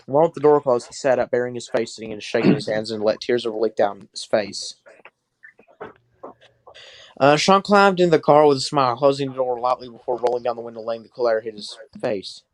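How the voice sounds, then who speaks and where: A man's voice: medium pitch, no room sound. A man hosting a comedy podcast, reading fan fiction aloud with sarcastic, swearing asides. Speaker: podcast host.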